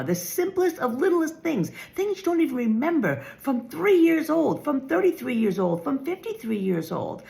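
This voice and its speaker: A woman's voice: medium pitch, creaky, darkish tone. A woman in her fifties giving an earnest, emphatic spiritual talk, often repeating her phrases. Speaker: spiritual vlogger.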